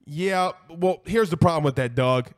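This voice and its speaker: A man with a slightly high-pitched voice hosts a casual sports live stream. He talks bluntly and repeats himself for emphasis. His delivery is animated, and now and then he curses and apologizes for it. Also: normal speed. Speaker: host of a college football show. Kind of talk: casual live-stream chat reading viewer comments.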